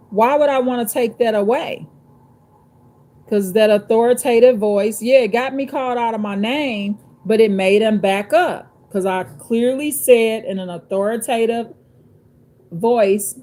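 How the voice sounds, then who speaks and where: A woman's voice: fairly high pitch, a little mellow. Emphatic woman hosting a live stream. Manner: emphatic, repeats phrases, addresses viewers as y'all. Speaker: YouTube channel host. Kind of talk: live-stream chat and storytelling. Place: at home, downstairs.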